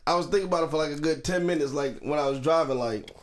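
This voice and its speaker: A man's voice: on the high side, very fast, a little hiss or hum. A young man co-hosting a podcast, telling a story in loose slang, rambling and laughing often. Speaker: podcast co-host. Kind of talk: casual podcast banter.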